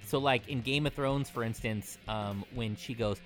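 An American man co-hosting a podcast, cracking crude jokes and reacting with animated quips. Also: mid-range voice, normal speed, soft background music. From United States. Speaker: podcast co-host. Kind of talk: casual chat.

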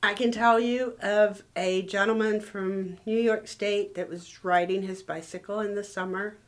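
A woman's voice: medium pitch, steady tone, a little slow. A woman in her sixties from Texas, a motel manager telling heartfelt stories in a casual interview. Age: 60s. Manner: emotional, heartfelt.

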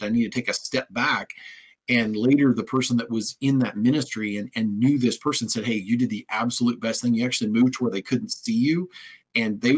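A man with a husky, breathy voice hosts a casual interview. He tells his stories conversationally and gives the people in them their own lines as he goes. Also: medium pitch, low-quality recording. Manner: storytelling, conversational, acts out quoted speech. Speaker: host.

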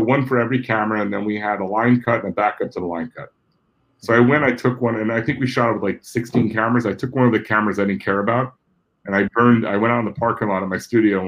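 Middle-aged jersey guy telling stories on a podcast, animated, curses a lot, does the voices of people he quotes. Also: lowish voice, low-quality recording. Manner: animated, acts out quoted people, swears freely. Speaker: guest. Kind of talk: casual anecdotal storytelling.

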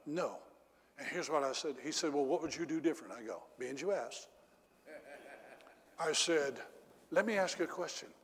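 A middle-aged male preacher telling a story in a sermon, swinging from loud exclamations down to low confiding tones. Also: animated, normal speed, pauses often, slightly rough. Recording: echoey hall reverb.

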